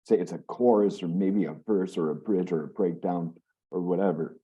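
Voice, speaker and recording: A man's voice: low voice, moderate pace, mellow, muffled recording. A man hosting a webzine interview in a casual, joking, teasing way. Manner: laid-back, joking, teasing. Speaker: webzine host.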